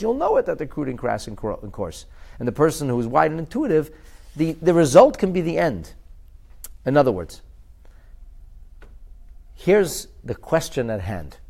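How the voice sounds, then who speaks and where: Talmud teacher, man, lively pitch swings, restarts and repeats. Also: creaky. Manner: animated, pitch jumps high for emphasis and acted quotes; restarts and repeats words while explaining. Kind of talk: recorded Talmud class.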